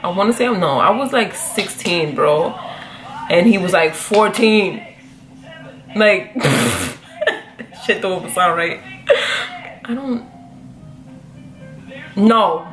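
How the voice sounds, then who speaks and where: A young woman telling a personal story in a casual, animated, profane way, jumping up in pitch when she quotes herself. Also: drawn-out words, long pauses, soft background music. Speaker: vlogger.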